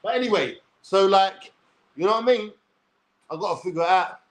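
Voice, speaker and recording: A man's voice: high-pitched, fairly quick, poor audio. A man ranting crudely and bluntly to his viewers, swearing freely and addressing them directly. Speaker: vlogger. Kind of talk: direct-to-camera rant.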